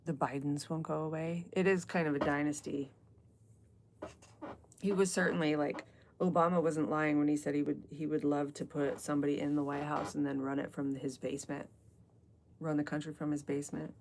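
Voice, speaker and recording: A middle-aged woman with a low voice that has a gravelly, fry-filled edge. She chats casually with her live viewers, reads out their comments and answers them, and wanders from one topic to the next as host of an online book club. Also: fairly even intonation, normal speed, a little hiss or hum. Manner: chatty, talks straight to chat viewers, drifts between topics.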